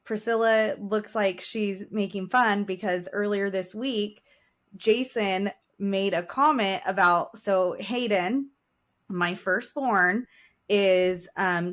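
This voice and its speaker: A woman in her forties co-hosting a relaxed podcast chat. She talks casually and tells stories with laughter and emotion. Her voice sits in a middle pitch. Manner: chatty, laughing, emotional storyteller. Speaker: podcast co-host.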